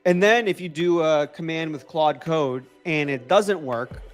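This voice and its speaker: A man with a mixed New York and Boston accent hosts a casual coding livestream, his voice sitting a little high. He sounds upbeat and loose, repeating phrases and answering viewers. Faint lo-fi music plays behind him. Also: a little slow. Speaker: livestream host.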